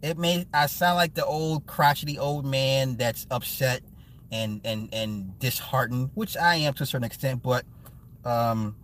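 A man in his forties hosting a casual live stream, chatting with viewers in a blunt, profane and animated way, often laughing. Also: mid-range voice, a little slow, a little hiss or hum. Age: 40s. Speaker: live-stream host and movie reviewer.

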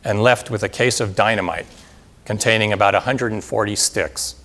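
A man reading a historical account in a measured, dramatic way, then addressing an audience. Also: lowish voice, a bit bright. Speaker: speaker reading historical narration.

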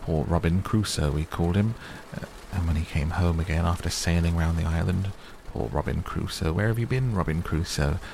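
A man's voice: deep voice, fairly quick, vocal fry, slight background noise. A man voicing old Scrooge, tearful and overjoyed. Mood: excited. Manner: between laughing and crying. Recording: steady rain sounds behind.

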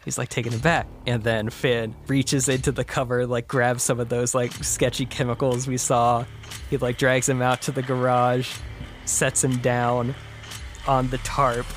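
Animated man retelling a story. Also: unhurried, soft background music. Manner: acts out characters with big pitch jumps and whispers. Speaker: podcast co-host. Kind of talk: casual storytelling, pitching a short film idea.

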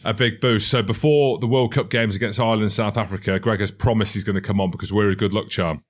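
A man's voice: fairly low pitch, steady tone, quick pace. A man hosting a sports podcast, enthusiastic and teasing in casual banter. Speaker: podcast host.

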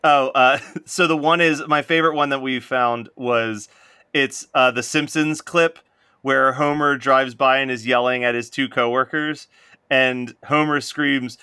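A man co-hosting a podcast in casual chat, laughing often and mimicking people in high voices. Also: steady tone, a little slow, pushed and bright, smooth, no room sound. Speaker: podcast co-host.

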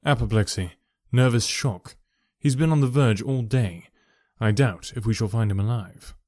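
A man's voice: medium pitch, normal speed, darkish tone, no echo, clean studio sound, natural voice. A man voicing a careworn, anxious young man who speaks in urgent, clipped phrases in a storybook reading. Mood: grim. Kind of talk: audiobook character voice.

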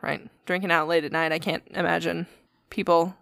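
A woman's voice: on the low side, little pitch movement, normal speed, gravelly, fairly bright tone, dry recording, clean studio sound. A woman co-hosting a podcast, telling a story in casual, profane chat and acting out the quotes. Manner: profane, chatty, acts out quotes. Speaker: podcast co-host.

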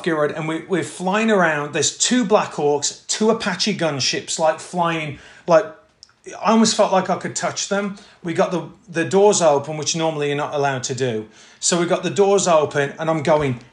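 A man, an actor telling anecdotes in a casual interview, animated and full of fillers, acting out quotes. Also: on the high side. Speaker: actor guest. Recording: echoey room.

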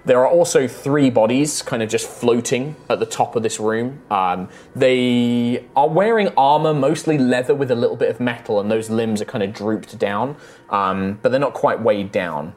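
Relaxed game master narrating a scene. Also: medium pitch, moderate pace. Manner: descriptive, many fillers and likes.

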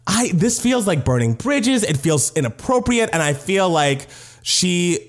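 A man's voice: sits high, measured pace. A young man co-hosting a podcast, talking in a casual, gossipy way and leaning on "like" a lot. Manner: animated, gossipy, heavy use of "like". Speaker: podcast co-host, actor. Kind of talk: casual chat.

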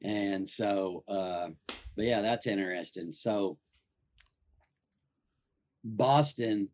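A man hosting a casual podcast, his voice sitting a bit low. He rambles through his stories with plenty of "like" and "uh." The audio is somewhat dull and lo-fi. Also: drawn-out words, a little mellow, a little hiss or hum. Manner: rambling, filler-heavy storytelling. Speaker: podcast host.

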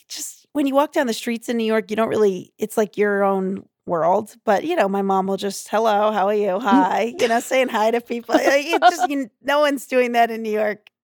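A young adult woman, a comedian guest, telling stories in animated, casual chat full of "like". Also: a little high, normal speed, hardly any pauses, no echo, clean studio sound. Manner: animated, filler-heavy storytelling with lots of "like".

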